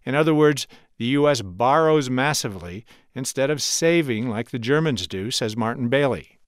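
A male correspondent reads a scripted news report in a measured, clear way. His pitch moves a lot, and the studio sound is dry with no room echo. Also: animated. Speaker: radio correspondent.

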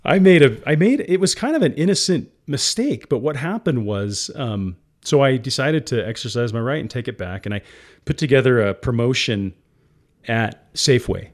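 A middle-aged entrepreneur appears as an interview guest, candidly telling a personal story; he is emotional at times and laughs often. His voice is mid-range with lively intonation, at normal speed.

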